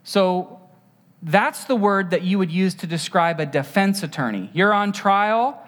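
A preacher giving a casual, chatty sermon whose pitch rises and falls in wide swings. The delivery is lively, with rhetorical questions tossed to the congregation and stories acted out with little sound effects. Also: unhurried. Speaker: pastor. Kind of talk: conversational sermon.

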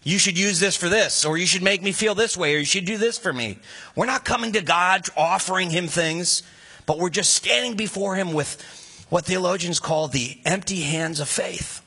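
Male preacher, bright and husky, animated and conversational with rhetorical questions. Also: sits high, moderate pace. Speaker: pastor. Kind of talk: sermon.

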